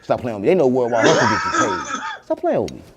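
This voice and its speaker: A man hosting a podcast, boasting in animated banter and repeating catchphrases, loud one moment and soft the next. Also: mid-range voice, fast talker, big-room sound, heavy background noise. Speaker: podcast host.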